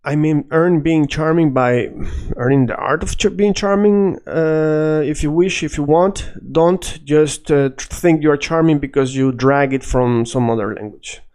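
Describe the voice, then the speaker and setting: A man teaching a casual video lesson, animated and drilling words by repetition. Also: a little high, unhurried. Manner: animated, switches between English and Spanish, repeats words for drill. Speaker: Spanish teacher.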